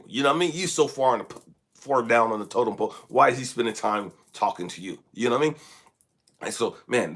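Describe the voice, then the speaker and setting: Animated husky man telling a story. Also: medium pitch. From California. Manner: swings between loud, emphatic outbursts and hushed asides; often asks "you know what I mean?". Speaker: life coach. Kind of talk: motivational storytelling.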